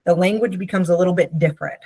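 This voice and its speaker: Low-voiced woman teaching casually. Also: fast talker, a little mellow, slightly rough, no room sound. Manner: conversational, checks in with frequent "Okay?"; acts out quoted voices playfully. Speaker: therapist.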